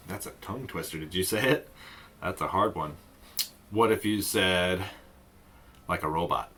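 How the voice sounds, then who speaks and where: A man's voice: sits low, moderate pace, pauses often, a bit bright, husky. A man teaching an online music lesson for kids, playful and demonstrative, with a lot of singing and voice play. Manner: playful, sings and demonstrates voice sounds.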